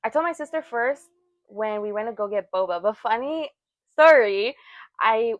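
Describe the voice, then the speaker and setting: A woman's voice: on the high side, moderate pace, no room sound, highs cut off. A young woman co-hosting a podcast, telling stories in casual chat and acting out what everyone said. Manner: animated storytelling, acts out quotes. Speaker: podcast co-host.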